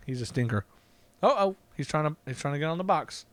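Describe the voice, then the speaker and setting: Man, casual card-opening vlog host, excitable, dry close sound. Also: mid-range voice, a little fast, no room sound. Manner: excitable, reads card text aloud, frequent "uh", laughs often.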